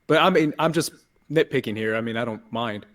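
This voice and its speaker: A man competing as a trivia contestant who answers quickly with a slight stammer. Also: medium pitch, a bit bright, recorded from a distance.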